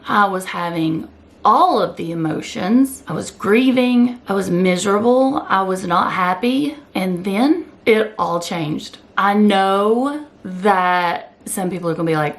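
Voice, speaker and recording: Slow-talking woman, candid vlogger chat. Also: mid-range voice. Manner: candid, repeats phrases for emphasis. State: close to tears. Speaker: keto vlogger. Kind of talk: emotional personal chat to camera.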